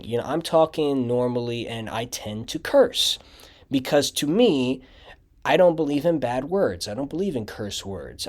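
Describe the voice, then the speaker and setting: A young man with a medium-pitched, darkish voice gives casual audio commentary on his own channel's video projects. He rambles, filling his storytelling with "like," other fillers, and frequent restarts.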